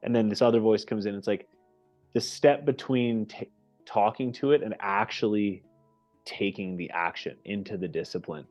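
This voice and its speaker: A man hosting a casual group call, energetic and animated, often checking in with "right?", heard over muffled lo-fi call audio. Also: fairly low pitch, normal speed, faint music behind. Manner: energetic and animated, with many restarts and "right?" tags. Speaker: host of the goal call.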